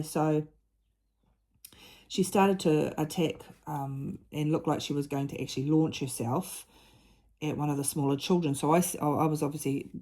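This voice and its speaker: A middle-aged woman talking through a personal story in a casual chat, earnest and halting, often restarting her sentences. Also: sits low, dark tone. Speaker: mother and diamond-painting vlogger.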